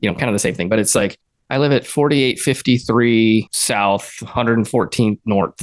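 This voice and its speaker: A man's voice: on the low side, moderate pace, dry recording. A man co-hosting a podcast, chatting casually and chiming in with short replies and asides. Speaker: podcast co-host. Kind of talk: casual chat.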